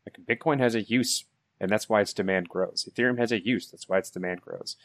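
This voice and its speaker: A man's voice: on the low side, brisk, fairly bright tone, no echo. Man ranting in a dry, close voice. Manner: ranting, repeats words. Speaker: podcast co-host. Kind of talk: casual podcast chat.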